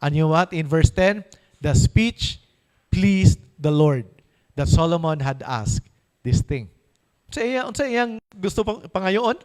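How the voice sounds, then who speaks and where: A man with a Filipino accent preaching a sermon as pastor, emphatic, putting questions to his congregation and slowing down to read scripture aloud. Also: high voice, poor audio.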